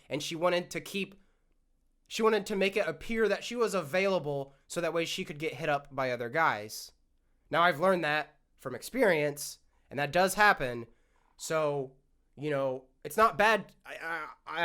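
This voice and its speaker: A young man vents alone into his podcast mic, worked up and swearing as he goes. His throat is scratchy, giving the rant a rough edge. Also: fairly high pitch, pushed and bright. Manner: worked-up, ranting, swears often. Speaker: podcast host. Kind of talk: solo ranting monologue.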